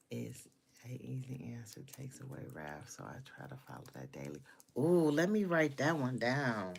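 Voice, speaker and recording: Blunt low-voiced New woman. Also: slight background noise. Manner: blunt, outspoken, laughs often. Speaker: livestream host. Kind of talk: casual venting livestream.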